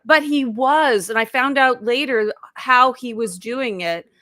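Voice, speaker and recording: A woman's voice: on the high side, a little slow, sharp tone, no echo, clean studio sound. A woman in her fifties, a life coach, telling her story in a casual live interview over a video call, talking chattily with lots of "like" and acting out her own past thoughts. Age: 50s.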